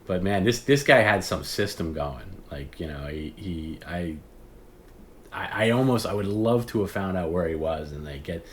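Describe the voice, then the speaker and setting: A man's voice: low-pitched, expressive, moderate pace, a bit bright, a little hiss or hum. A man hosting a livestream, telling a rambling story in casual chat, acting out phone calls and swearing often. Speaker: podcast host.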